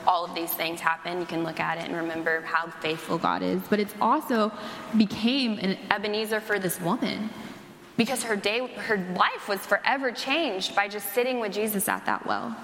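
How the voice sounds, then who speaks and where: A woman's voice: medium pitch, expressive, moderate pace, fairly bright tone, slight background noise. A young woman who works at a church, preaching a sermon and telling a personal story in a chatty, casual way, full of "like". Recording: echoey hall.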